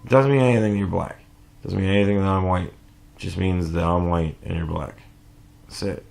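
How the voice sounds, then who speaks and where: A man with a gravelly, fry-laden voice rants in a casual reaction vlog. He swears freely and jumps between thoughts with false starts, sounding short on sleep. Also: low-pitched, moderate pace. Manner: animated, profane, rambling with restarts. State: sleep deprived. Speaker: commentary vlogger.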